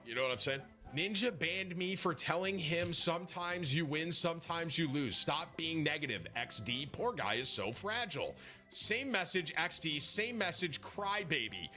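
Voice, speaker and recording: Bright, sharp-toned male streamer reading chat messages aloud with mocking commentary. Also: on the high side. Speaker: game streamer.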